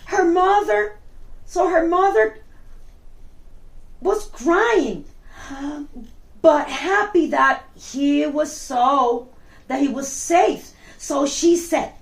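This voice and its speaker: A woman telling a children's story in an expressive, chatty way, with exclamations and asides to the young listener. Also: high-pitched, drawn-out words, long pauses. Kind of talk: animated children's story reading.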